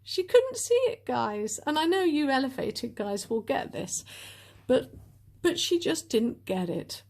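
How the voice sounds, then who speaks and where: A woman giving a casual spiritual talk as a tarot reader, animated and upbeat with lively swings in her voice. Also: on the high side, unhurried, creaky.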